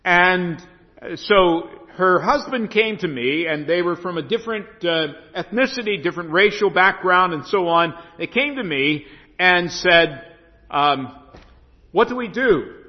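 A male pastor preaching a sermon, telling stories dramatically, with big swings from loud to hushed. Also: high-pitched, a little slow. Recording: dull echoey hall recording.

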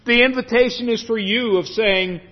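A man preaching a sermon, slow and earnest, stressing phrases by repeating them. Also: very high-pitched. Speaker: pastor. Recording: dull sound with long hall reverb.

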